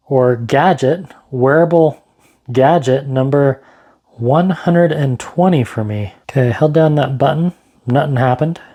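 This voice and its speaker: Unhurried chatty man, tech reviewer. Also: on the high side, mellow. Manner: chatty, joking asides, thinks aloud. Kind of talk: casual unboxing vlog. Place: home studio.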